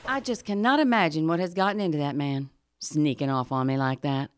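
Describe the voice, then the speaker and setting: A woman's voice: low-pitched, fairly quick, clear, resonant tone, dry recording, natural voice. A woman playing a blunt, folksy middle-aged diner owner in a radio drama. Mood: worried.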